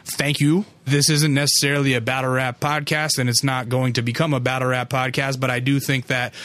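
A man's voice: mid-range voice, level tone, a little fast, fairly bright tone, dry recording. A man hosting a podcast, telling a rambling, casual story intro full of fillers and swearing. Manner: loose and profane, full of fillers. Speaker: podcast host.

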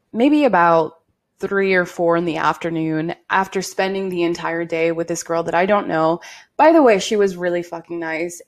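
A young woman in her twenties hosting a podcast, telling a personal story in a candid, animated way and swearing freely. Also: fairly low pitch. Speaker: podcast host. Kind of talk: casual storytime monologue.

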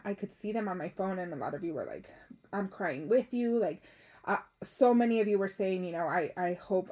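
A woman's voice: mid-range voice, darkish tone. A young woman hosting a podcast, talking candidly and emotionally, dropping Spanish phrases and swearing. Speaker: podcast host. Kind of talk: casual confessional chat.

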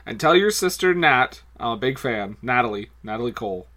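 Man, podcast co-host, casual chat, jokey, bright sharp tone. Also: medium pitch, expressive, fairly quick. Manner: jokey, laughs often.

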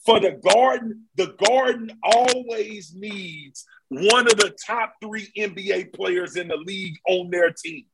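A man's voice: sits high, unhurried, gravelly, hardly any pauses, very noisy. A man talking basketball in a casual, slangy, emphatic way on a podcast. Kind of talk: casual sports chat.

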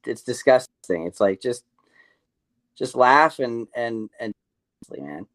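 A man's voice: mid-range voice, lively intonation, slow, fairly bright tone, no room sound. A man chatting casually on a podcast, laid-back and trailing off.

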